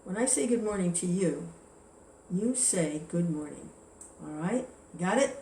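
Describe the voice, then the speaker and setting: A vain, puffed-up male rabbit who demands everyone greet him back, as a woman puts him on while telling the tale. His voice jumps up high and comes out loud and bossy. The sound carries the echo of a roomy space. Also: brisk, far from the mic, slight background noise, natural voice. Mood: angry. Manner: bossy, indignant, shouting demands.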